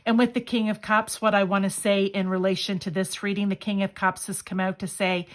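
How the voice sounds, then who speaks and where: A woman's voice: medium pitch, flat delivery, brisk, few pauses. A woman giving a casual pick-a-card tarot reading, chatty and enthusiastic as she talks straight to her viewers. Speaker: tarot reader.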